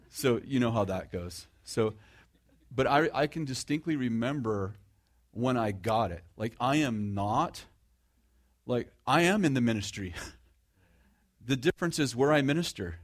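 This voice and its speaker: A middle-aged man preaching in a relaxed, conversational way, with a sarcastic, self-mocking humor. He restarts his sentences often and turns to the audience with questions. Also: medium pitch, a little slow. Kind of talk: conversational sermon.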